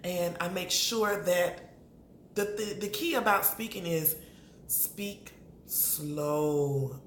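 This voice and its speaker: A woman's voice: medium pitch, measured pace. A woman, chatting casually to camera as she reviews a reality show and talks straight to its people. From Atlanta. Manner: chatty, animated, addresses people on the show directly. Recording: roomy echo, faint background noise.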